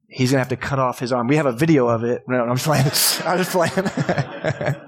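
A man as pastor giving a sermon in a church, talking in a casual, conversational way and asking the congregation questions. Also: medium pitch.

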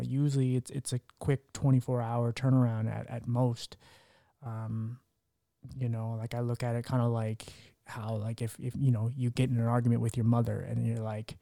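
A young man hosting a podcast, talking candidly about his own life. He rambles, swears casually and acts out quotes in a higher voice. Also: warm tone, no room sound, clean studio sound. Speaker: podcast host. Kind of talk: candid conversational interview.

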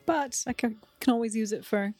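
A woman's voice: on the high side, a little fast, a little mellow, slightly rough, dry recording, faint music behind. A woman co-hosting a casual movie watchalong, chatty and amused as she reacts to the film. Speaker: podcast co-host.

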